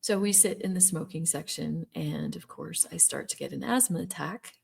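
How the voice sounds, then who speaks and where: An earnest middle-aged woman with a somewhat low voice tells her own story in a monologue. She speaks emphatically and doubles up words when something matters. Her delivery is personal and direct. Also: huge pitch swings, moderate pace, gravelly, a little mellow, slightly rough. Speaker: former Jehovah's Witness telling her story.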